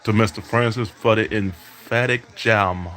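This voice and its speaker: A podcast host plays a basketball video game and calls his own action with trash-talking play-by-play, blending mock announcer calls with taunts. His voice is lowish and steady at a measured pace, a bit bright. A little hiss or hum sits in the recording.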